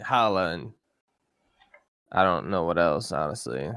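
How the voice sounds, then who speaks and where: Slow-talking teasing podcast co-host man. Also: low-pitched, animated, gravelly, a bit bright, clean tone, dry recording, clean studio sound. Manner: teasing, drawn-out slang. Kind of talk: casual chat.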